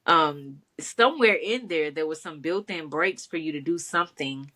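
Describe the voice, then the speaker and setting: A woman's voice: deep voice, normal speed, bright, forceful tone. A woman co-hosting a podcast in easygoing casual chat, encouraging and laughing often. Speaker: podcast co-host.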